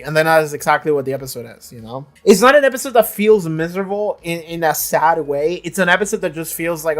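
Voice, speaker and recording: Man, fairly high voice, casual episode review, rambling, lots of swearing and restarts. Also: expressive, fast talker, hardly any pauses. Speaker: reaction channel host.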